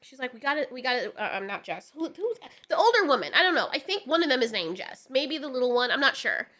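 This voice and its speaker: Woman, high voice, bright tone, sarcastic, exasperated rant, movie review. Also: very animated, fast talker. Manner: exasperated, sarcastic, swears a lot. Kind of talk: ranting casual film review.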